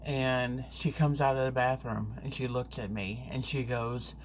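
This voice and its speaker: A woman vlogger telling a story to camera in a chatty, rambling, animated way. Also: very deep voice, measured pace, a little hiss or hum.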